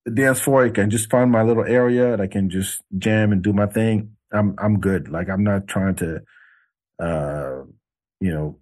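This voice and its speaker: A man's voice: fairly low pitch, darkish tone. Laid-back, blunt male podcast host. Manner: frequent restarts and fillers. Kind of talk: casual storytelling.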